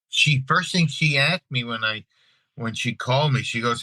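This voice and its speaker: A middle-aged man from Long Island with a New York accent, an actor telling stories in a casual interview, animated and repeating his words as he acts out scenes. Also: medium pitch, normal speed, no echo, low-quality recording. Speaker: actor and guest.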